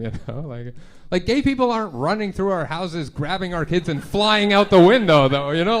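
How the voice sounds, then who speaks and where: A young man doing a stand-up comedy set in a club, talking in a conversational, self-deprecating way and jumping into quick voices for his stories. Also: high voice, lively intonation. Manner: conversational, self-deprecating, punchy act-outs.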